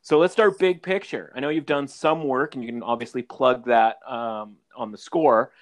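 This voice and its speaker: Male podcast host, affable interviewer, mid-pitch, rambling questions. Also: normal speed. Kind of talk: casual interview.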